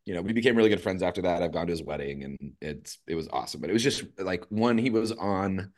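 Male guest, thirties, from Los Angeles, low voice, animated storyteller. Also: quick pace. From Los Angeles, USA. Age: 30s. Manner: lively storyteller, swears freely. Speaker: podcast guest, yoga teacher. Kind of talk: casual chat.

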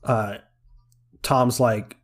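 A man's voice: medium pitch, fairly even intonation, very slow. A man co-hosting a casual podcast, recapping a film scene by scene with lots of fillers and laughter. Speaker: podcast co-host. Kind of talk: casual movie review chat.

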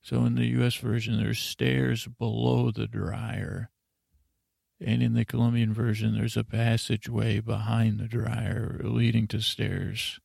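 A podcast host with a low, slightly mellow voice and vocal fry recaps a show for a bedtime episode. He speaks unhurriedly in a level tone, rambling drowsily with plenty of filler words. The studio-quality recording is dry.

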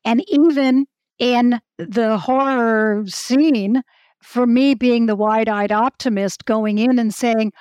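A woman in her sixties, a guest telling animated stories with frequent restarts. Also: a little high, slow pace, clean tone, dry recording, muffled recording. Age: 60s. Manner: animated storyteller, restarts often. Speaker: actress and guest. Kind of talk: casual interview talk.

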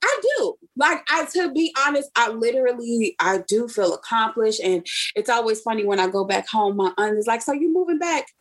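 A woman's voice: on the high side, moderate pace. A young woman from Chicago casually telling a personal story, acting out the voices of the people she quotes. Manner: animated storyteller who acts out quoted speech. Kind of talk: casual chat.

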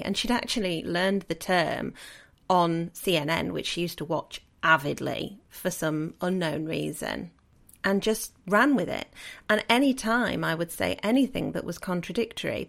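A woman's voice: lowish voice, gravelly, a bit bright. A woman hosting a solo podcast, talking in an earnest, reflective, conversational way as a coach.

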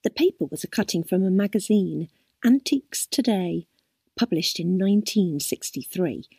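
A woman narrates a story in an unhurried, expressive way. Her voice is husky and very lively in pitch, and the recording is close and dry. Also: no room sound.

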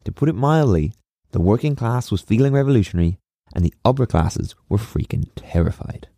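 Guy narrating history, low mellow voice, dead dry sound, joking asides. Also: lively intonation, a little fast, no room sound. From Ireland. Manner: casual and wry, with sarcastic asides. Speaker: history podcast host.

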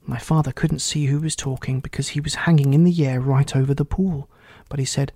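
A man narrating a children's storybook aloud in a steady, clear reading voice. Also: medium pitch, brisk, hardly any pauses, no room sound, clean studio sound.

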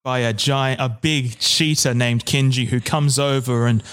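A man's voice: medium pitch, fairly even intonation, a little slow, a bit bright. A young man co-hosting a casual podcast, telling a story in a dry, rambling way with frequent restarts. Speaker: podcast co-host.

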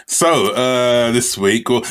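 A man's voice: medium pitch, takes it slowly, fairly bright tone, smooth. A man co-hosting a podcast, telling stories in casual chat, joking and swearing often. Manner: swearing, joking, laughing storyteller. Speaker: podcast co-host.

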